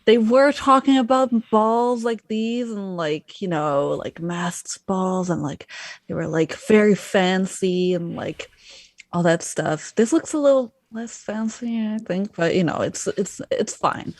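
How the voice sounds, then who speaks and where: Give me a woman speaking slowly and playfully in character at a tabletop game. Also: mid-range voice, no room sound. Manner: slow, hesitant, playful. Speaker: player.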